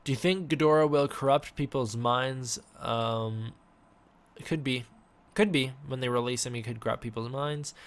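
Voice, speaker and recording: Guy on a live stream reading chat questions, offhand and halting, mid pitch. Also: fairly even intonation. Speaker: host.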